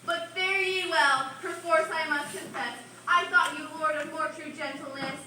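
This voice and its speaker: Woman as spurned young lover: high, plaintive, unhurried; distant hall mic. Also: fairly even intonation, sharp tone. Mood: wounded. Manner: plaintive, self-pitying verse. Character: lovesick, scorned young woman. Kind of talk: amateur stage acting. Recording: echoey stage recorded from far off, noisy.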